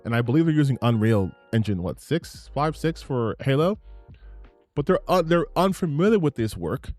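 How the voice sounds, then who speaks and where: A man's voice: mid-range voice, darkish tone. A man giving heated, profane reaction commentary on gaming news, ranting and repeating himself for emphasis.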